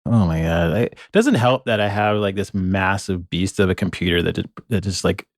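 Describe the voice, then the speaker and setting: A man's voice: deep voice, animated, moderate pace, no room sound, studio quality. A man chatting with fellow players from a small room at home, laid-back but stubborn when he is contradicted. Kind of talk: casual chat among players.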